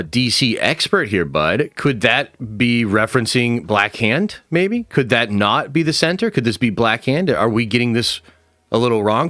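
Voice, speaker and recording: A man's voice: mid-range voice, a bit bright, dry recording. A man hosting a livestream, chatting casually, reacting to viewers and swearing freely. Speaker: streamer host. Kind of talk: livestream commentary with chat.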